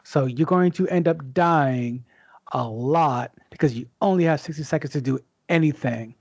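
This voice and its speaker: A man's voice: on the high side, moderate pace, darkish tone, husky, dry recording. A man co-hosting a casual game review chat, plainly explaining how a game works. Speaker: podcast co-host. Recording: slightly dull, lo-fi mic.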